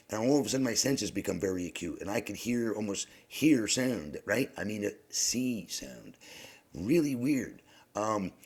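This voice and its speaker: Middle-aged male storyteller, deep gravelly voice, rambling and halting, slips into whispers. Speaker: podcast host. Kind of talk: personal storytelling monologue.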